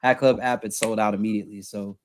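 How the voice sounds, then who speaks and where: Ein Mann unterhält sich als Co-Moderator locker und entspannt über Kappen und lacht oft. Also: male voice, on the low side, fairly even intonation, fast, slight background noise. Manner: laid-back, laughs easily. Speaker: co-host. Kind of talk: casual chat.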